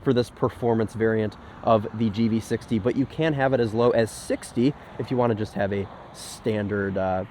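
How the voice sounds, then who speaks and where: A man's voice: lowish voice, steady tone, moderate pace, hardly any pauses, a little mellow, slight background noise. A man with a sick voice, giving a casual, enthusiastic point-of-view car review from in and around a car. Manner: enthusiastic, chatty with frequent "like" fillers.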